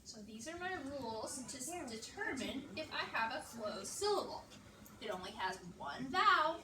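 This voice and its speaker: Woman, classroom teacher, encouraging, clear and slow for little kids, high voice, echoey room. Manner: upbeat, encouraging, slow and clear for young children. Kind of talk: classroom reading lesson. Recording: echoey classroom, far-off mic, background noise.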